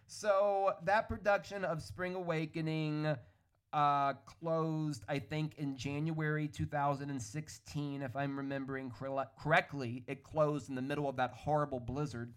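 A man hosting a solo podcast, ranting in an animated, opinionated way with a hoarse, worn-out voice. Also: on the high side, a little slow. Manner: animated, opinionated, hedging with "allegedly". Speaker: podcast host. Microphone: studio podcast microphone.

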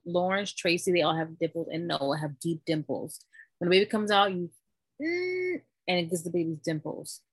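Woman, casual storytelling, animated, acts out voices, dry room sound. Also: fairly low pitch, slightly rough, no room sound. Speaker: storyteller recounting giving birth. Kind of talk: casual chat.

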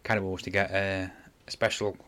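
A man hosts a casual podcast in a low voice, rambling through a long retelling. He loses his place often, stops to correct himself and apologizes. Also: level tone, brisk, fairly bright tone. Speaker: podcast host. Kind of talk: casual chat.

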